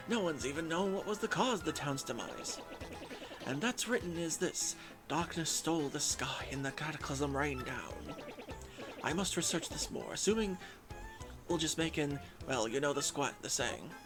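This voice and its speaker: Raspy, wispy old scholar, put on by a man, fussy and lively, game music under. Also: on the high side, normal speed, natural voice. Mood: scholarly.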